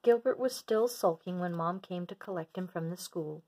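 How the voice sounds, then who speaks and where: A woman gently reading a children's storybook aloud in a steady storyteller voice. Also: fairly low pitch, normal speed.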